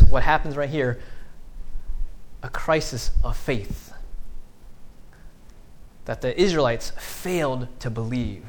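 A man in his thirties preaching a conversational sermon, acting out quotes with lively sarcasm. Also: mid-range voice. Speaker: pastor.

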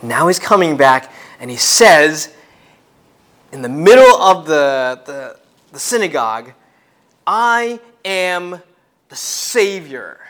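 A man preaching a sermon in an earnest way, often repeating and restarting words, swinging between loud and soft. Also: a little high, sing-song, slow.

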